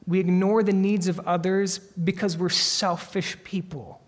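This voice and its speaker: A pastor preaches earnestly in a somewhat high voice that rings with long reverb, as in a church sanctuary. He builds to emphatic peaks and then drops into soft, hushed lines, keeping a measured pace with little pitch movement.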